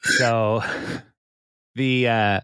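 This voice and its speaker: A man's voice: mid-range voice, fairly even intonation, extremely slow, noisy background. A man co-hosting a podcast, casually recapping a TV episode with lots of fillers and laughs. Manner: rambling, many fillers, laughs often. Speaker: podcast co-host.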